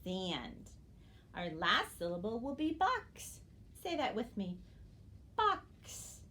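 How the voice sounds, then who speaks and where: A woman teaching young children a phonics game, slowly and clearly, encouraging them to repeat words after her. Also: on the high side, big pitch swings, bright, forceful tone. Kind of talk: early-grade phonics lesson.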